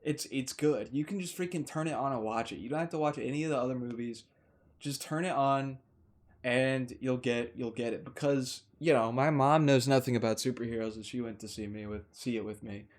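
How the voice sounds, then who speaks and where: An enthusiastic man talks through a film in a loose, unscripted way, tripping over his words and circling back as his excitement builds. His voice sits at an ordinary middle pitch, and he sounds like a casual vlogger chatting from a room at home. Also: fairly quick. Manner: excitable, gushing, rambles with restarts and mild swearing substitutes. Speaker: movie reviewer. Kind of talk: casual rambling review. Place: indoors, warm room.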